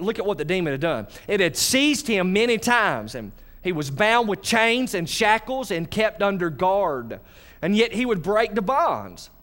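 A man preaching a sermon, animated, speaking directly to his congregation. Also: on the high side. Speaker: pastor.

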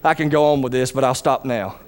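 A man's voice: medium pitch, fairly quick, a little mellow. A man preaching a sermon in church who calls for responses from the congregation.

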